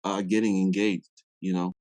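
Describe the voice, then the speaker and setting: A man's voice: low-pitched, level tone, normal speed, darkish tone, dry recording. A young man from Africa, a podcast guest, telling a story in a casual way. He acts out quoted dialogue and often uses "like" as a filler.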